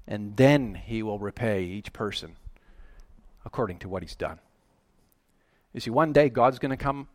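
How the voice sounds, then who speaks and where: A man preaching a sermon, animated and emphatic, often rising to loud, excited peaks. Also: medium pitch, normal speed, dry recording. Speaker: pastor.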